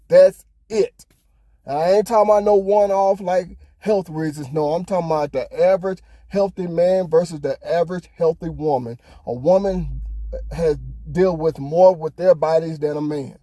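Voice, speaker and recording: A man's voice: fairly high pitch, dark tone, no echo, clean studio sound. A man hosting a podcast, ranting heatedly in casual talk, swearing often. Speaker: podcast host. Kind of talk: casual opinion monologue.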